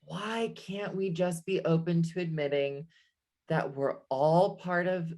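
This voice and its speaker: Woman host, real low voice, earnest and thoughtful, chatty podcast vibe. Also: steady tone, slow pace, dark tone. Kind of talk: casual conversation.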